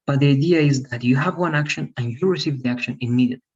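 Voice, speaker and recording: A man's voice: mid-range voice, fast, husky. A man teaching an English grammar class, explaining step by step and often checking with "okay?" and "right?". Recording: dull lo-fi audio.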